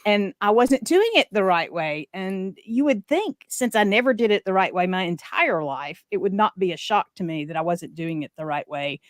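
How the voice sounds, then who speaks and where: A woman with a light Southern accent chats as a podcast guest over a video call, lively and quick to joke. Her voice sits at a middle pitch, and it is recorded close and dry with no room sound. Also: no room sound. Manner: lively, joking, laughs often. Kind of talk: casual interview chat.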